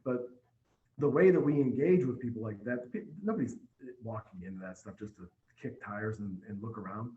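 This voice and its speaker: A man, a dealership general manager, telling animated stories in a casual podcast chat over a remote call. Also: fairly low pitch, moderate pace, reverberant, muffled recording. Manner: storytelling, energetic, with frequent restarts.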